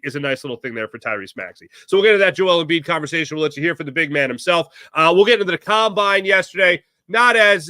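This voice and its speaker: A man hosting a solo sports talk show, ranting in an animated way and putting on voices for the people he quotes. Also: fairly high pitch, no room sound, clean studio sound. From Philadelphia area.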